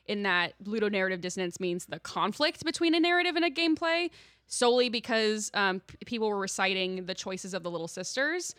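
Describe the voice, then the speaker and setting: Bright-voiced enthusiastic woman co-host. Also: mid-range voice, expressive, brisk, no room sound, clean studio sound. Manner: enthusiastic, gushing, lots of fillers. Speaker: podcast co-host. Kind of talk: casual chat.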